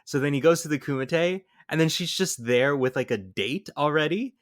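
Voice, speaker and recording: Excitable man riffing on a movie. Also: a little high, normal speed, dry recording, studio quality. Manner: animated, excitable, jumps into impressions. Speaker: podcast co-host. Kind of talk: casual movie-review chat.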